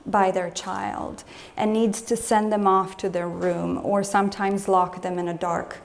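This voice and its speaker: A woman's voice: medium pitch, level tone, a little slow, gravelly. A woman emotional health coach giving a live lecture, talking conversationally and putting questions to the audience. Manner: acts out scolding voices in quotes.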